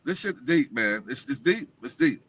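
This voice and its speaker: A man's voice: mid-range voice, very animated, normal speed, fairly bright tone, breathy edge. A man talking as a guest on a livestream talk show, speaking emphatically and insistently.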